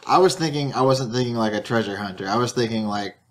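A man chatting casually on a podcast, circling through a long story and restarting his sentences. His voice sits at an ordinary middle pitch for a man. He talks like he is among friends. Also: quick pace, slight background noise. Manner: rambling storyteller, frequent restarts and stammers. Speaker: podcast co-host. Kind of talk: casual chat.

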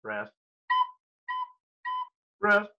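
A man's voice: extremely slow, dull audio, background noise. A man teaching a recorded elementary music lesson, upbeat and playful as he talks straight to young children.

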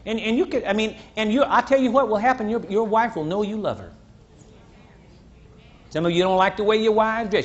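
An older man preaching a sermon to a congregation, teasing and blunt, rising to shouts and dropping low. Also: animated, fairly quick, breathy edge. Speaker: pastor. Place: church. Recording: dull lo-fi church recording, faint crowd.

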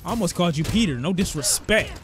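Young man, gaming commentary, excitable, trash talk, game music behind. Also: high-pitched, quick pace. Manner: excitable, trash-talking, shouts at enemies. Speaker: gaming streamer. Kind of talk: let's-play commentary. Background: game soundtrack.

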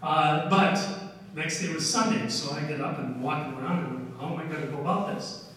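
Speaking at a moderate pace in a slightly high, fairly bright voice, an older history presenter gives a relaxed slide lecture. His folksy storytelling brims with "uh"s and "okay"s, recorded by a distant mic in a large, echoey hall.

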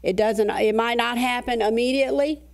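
Earnest woman pastor preaching. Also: on the high side. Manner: earnest preaching with slow emphatic scripture readings. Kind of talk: sermon.

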